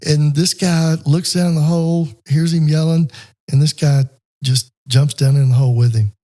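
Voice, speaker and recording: A man's voice: a little high, fairly even intonation, normal speed, warm tone. A man in casual podcast conversation, talking with many fillers and telling a story with acted-out voices.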